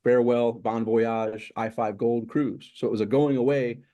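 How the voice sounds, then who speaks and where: A man's voice: medium pitch, flat delivery, moderate pace, mellow, lo-fi sound. A middle-aged man being interviewed as a success coach, talking in emphatic, repeated lists of steps. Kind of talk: interview conversation.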